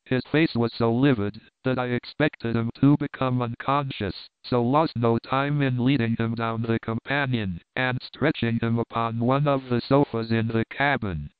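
A man giving a measured, even narration of a classic story. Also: mid-range voice, clear, resonant tone, no echo. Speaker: audiobook narrator. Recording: narrow phone-like band, dry.

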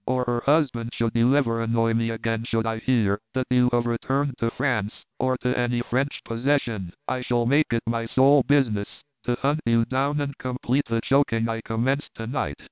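A man reading the lines of a powerful, jungle-raised hero in an audiobook, making calm, deliberate threats. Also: medium pitch, no echo, lightly acted. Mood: menacing. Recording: crisp, dry, phone-like narrow sound.

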